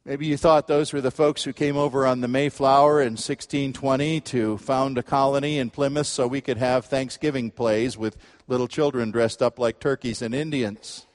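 A middle-aged man preaching a sermon, swinging between quiet asides and emphatic bursts. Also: mid-range voice, steady tone, normal speed, few pauses, long reverb tail. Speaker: pastor.

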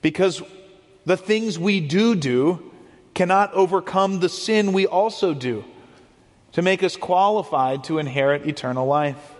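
A man's voice: high-pitched, a little slow. A man preaching a sermon as a pastor, explaining earnestly and often repeating words as he goes. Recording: long hall reverb.

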